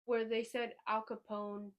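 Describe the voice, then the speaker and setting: A woman hosting a podcast in casual chat, rambling and excitable, often trailing off mid-sentence. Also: a little high, measured pace, muffled recording. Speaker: podcast host.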